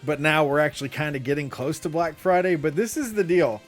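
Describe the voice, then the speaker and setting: Man, co-host, casual podcast chat, animated and laughing, higher-pitched, light music under. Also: a little fast. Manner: animated, laughing, mock announcer bits.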